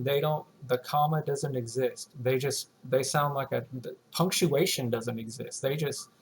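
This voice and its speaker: A man teaches a writing lesson at a measured, unhurried pace, stopping to read example sentences aloud. His voice sits at an ordinary middle pitch, with a faint hum of noise behind him. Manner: explains slowly and deliberately, reads example sentences aloud.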